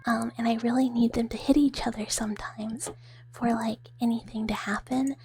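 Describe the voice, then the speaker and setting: A woman streamer doing a whispered role-play, chatting softly with viewers in a breathy whisper and giggling often. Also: fairly high pitch, fairly even intonation, normal speed, slight background noise. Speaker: ASMR streamer.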